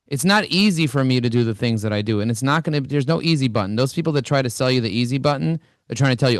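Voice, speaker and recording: A middle-aged man giving a high-energy business talk, swinging his pitch up and down as he plays out both sides of conversations. His voice sits in an ordinary register and sounds close and dry, with no room around it. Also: quick pace, few pauses, dry recording. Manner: animated storytelling, acts out both sides of dialogues. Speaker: business speaker.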